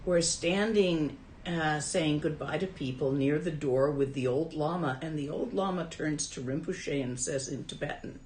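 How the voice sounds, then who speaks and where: A woman's voice: low voice, measured pace, few pauses, a little mellow, roomy sound, poor audio. A woman who teaches Buddhism and translates Tibetan, telling a story from her own life in a dharma talk in a casual, wry way.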